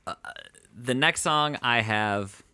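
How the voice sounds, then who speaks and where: A man's voice: medium pitch, slow pace, pushed and bright, smooth, no room sound. A young man co-hosting a casual podcast, laid-back and jokey, with many fillers. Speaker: podcast co-host. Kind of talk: casual chat.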